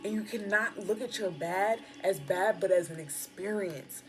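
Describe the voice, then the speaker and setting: A woman's voice: medium pitch, moderate pace. A woman giving a casual, slangy spiritual pep talk while reading tarot cards. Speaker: tarot reader. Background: background music.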